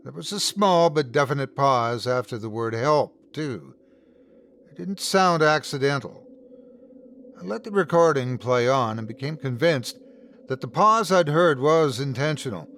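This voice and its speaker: Expressive male horror story narrator. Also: medium pitch, unhurried, slight background noise. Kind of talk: scripted first-person horror narration.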